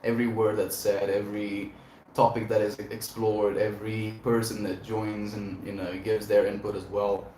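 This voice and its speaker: A man's voice: on the low side, flat delivery, moderate pace, mellow. A man hosting a casual livestream chat, talking in a rambling, reflective way and laughing often. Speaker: livestream host. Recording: echoey room, faint background noise.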